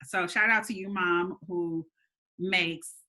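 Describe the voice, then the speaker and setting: Woman, live-stream host, casual chat, slightly nasal, bright and clear tone, chatty with filler words. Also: lowish voice, steady tone, slow. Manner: chatty, warm shout-outs with frequent laughs and "um"s. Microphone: webcam or phone mic for a live stream.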